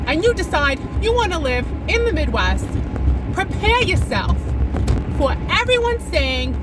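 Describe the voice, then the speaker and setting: A woman's voice: high-pitched, sing-song, moderate pace, loud music behind the voice. Sarcastic New woman ranting at the wheel. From New York. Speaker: comedy vlogger. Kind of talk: talking to herself while driving. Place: inside a car while driving.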